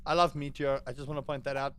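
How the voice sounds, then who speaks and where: A young man giving let's play commentary, excitable, yelling and swearing at enemies as he plays. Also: mid-range voice, fast talker, over music. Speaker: gaming channel host.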